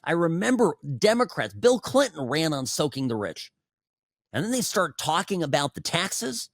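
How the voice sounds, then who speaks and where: Male talk host, 40s, sarcastic and chatty, very expressive pitch, dry close sound. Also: normal speed, dry recording. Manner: animated, sarcastic, conversational with frequent asides. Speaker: political talk show host. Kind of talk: opinionated political commentary.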